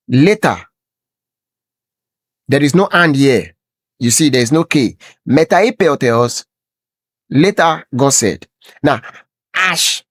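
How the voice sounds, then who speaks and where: A man's voice: a little high, slow pace, pauses often, dry recording. A man teaching a Bible lesson over a screen share, repeating words and explaining bit by bit.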